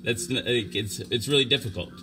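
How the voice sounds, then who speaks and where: A man hosting a livestream show, talking off the cuff in a halting, stammering way, earnest and defensive. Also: medium pitch, over music. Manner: halting, stammering, restarts sentences. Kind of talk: unscripted livestream talk.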